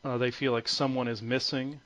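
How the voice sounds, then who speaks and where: A man's voice: mid-range voice, level tone, brisk, a bit bright. A man speaking as a guest on a conference call, hesitant and full of fillers and restarts. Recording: muffled lo-fi phone audio.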